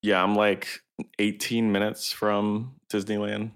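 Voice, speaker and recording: A man co-hosting a gaming podcast in casual chat, soft-spoken and hesitant, often trailing off. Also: lowish voice, flat delivery, unhurried, smooth. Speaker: podcast co-host.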